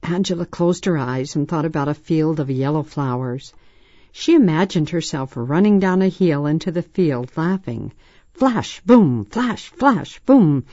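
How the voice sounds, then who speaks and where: Woman narrator, children's story, low mellow voice, dull dry recording. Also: normal speed, dry recording. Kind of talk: reading a children's story aloud.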